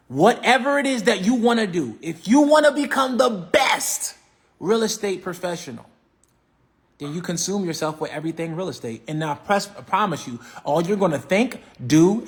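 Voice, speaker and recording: Man, high-pitched, motivational livestream coach who preaches and repeats himself for emphasis. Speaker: real estate coach.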